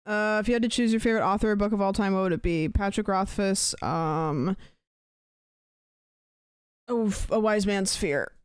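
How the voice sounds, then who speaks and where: A young woman streaming a game, reading chat questions in a croaky, sleepy-sounding, tired voice, rambling and sarcastic with plenty of swearing. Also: medium pitch, moderate pace, long pauses, no echo, studio quality. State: tired voice, talking quietly.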